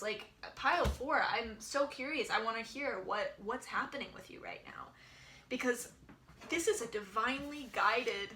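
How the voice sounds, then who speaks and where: A woman giving a pick-a-pile tarot reading, musing gently and searching for words with many ums. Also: a little high, a little hiss or hum. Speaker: tarot reader.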